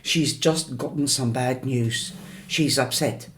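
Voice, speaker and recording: An anxious teenage boy from a storybook, urgent and pleading as he tries to smooth things over, voiced by a male narrator. His lines are unhurried despite the worry behind them. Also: mid-range voice, fairly bright tone, a little hiss or hum.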